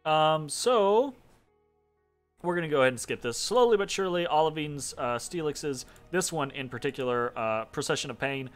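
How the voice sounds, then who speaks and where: A man's voice: fairly high pitch, expressive, moderate pace, soft background music. A man casually commentating his own strategy game turn, rambling, correcting himself and making wry asides. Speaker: let's play commentator.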